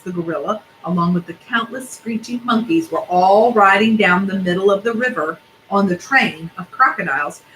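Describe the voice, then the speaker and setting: A woman reading a storybook aloud, her narration steady and expressive, with asides about the pictures. Her voice is bright and sharp, with a faint ambient noise behind it. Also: medium pitch, low-quality recording.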